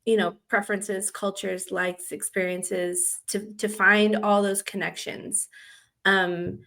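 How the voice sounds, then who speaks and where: A woman's voice: mid-range voice, little pitch movement, takes it slowly, vocal fry, a bit bright. A woman who grew up in the American South chats about writing romance on a podcast. She rambles easily and leans on fillers as she thinks aloud. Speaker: podcast co-host and romance author. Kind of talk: casual chat.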